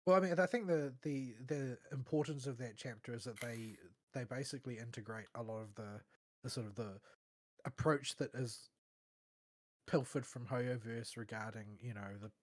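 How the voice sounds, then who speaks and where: A man speaking in casual podcast chat, choosing his words with a measured, articulate manner. His voice sits at an ordinary middle pitch. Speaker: podcast co-host.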